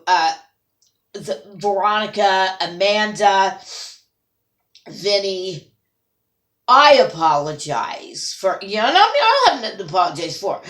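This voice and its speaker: A woman's voice: mid-range voice, fairly bright tone. A woman ranting to camera in an angry, scolding, at times tearful vlog. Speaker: vlogger. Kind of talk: emotional rant to camera. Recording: roomy echo.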